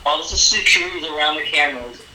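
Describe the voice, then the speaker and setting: A man's voice: a little high, fast talker. Joking man in a noisy echoey room. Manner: joking, storytelling, laughs often. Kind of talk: casual podcast chat.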